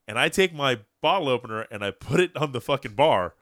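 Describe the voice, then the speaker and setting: A man hosting a casual podcast, telling a bar story in a loose, profane, animated way. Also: medium pitch, fairly quick, dry recording, clean studio sound. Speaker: podcast host.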